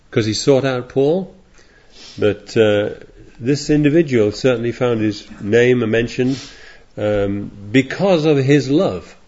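A man's voice: medium pitch, a little mellow. A man preaching a sermon in a rambling, digressive way, reading scripture aloud as he goes. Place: congregation in California. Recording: dull lo-fi sermon recording.

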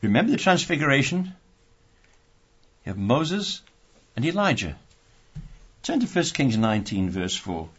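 A man's voice: medium pitch, big pitch swings, a little slow, pauses often, husky. A man preaching a sermon, reading scripture and adding wry, conversational asides. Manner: conversational and wry, with many restarts. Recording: dull lo-fi recording.

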